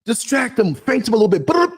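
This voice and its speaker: His voice is extremely high and husky, and he moves at a quick pace. The New Yorker's podcast monologue is motivational, blunt and streetwise, full of animated stories with acted-out quotes.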